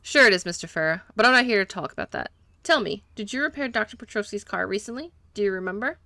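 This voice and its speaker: A woman's voice: medium pitch, expressive, fast, bright, forceful tone, no room sound. A woman voicing a persistent male detective who asks blunt questions. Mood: probing.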